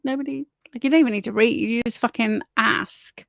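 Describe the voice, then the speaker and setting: A woman's voice: on the high side, fairly even intonation, normal speed, creaky, no room sound, clean studio sound. A woman hosting her own livestream, rambling in a blunt, opinionated way and swearing freely. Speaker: livestream host. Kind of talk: casual opinionated monologue.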